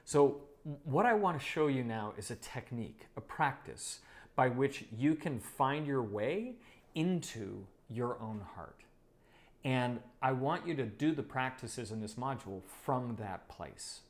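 A man's voice: medium pitch, animated, unhurried. A man teaching a leadership course module, emphatic and fond of repeating phrases for effect. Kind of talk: online course lesson.

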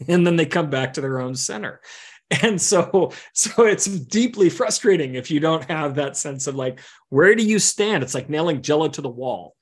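A man coaching a group through a teaching session, lively and full of quick asides. His voice sits a bit on the high side for a man. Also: husky. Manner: animated, with vivid analogies and asides. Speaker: executive coach. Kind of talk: teaching workshop talk.

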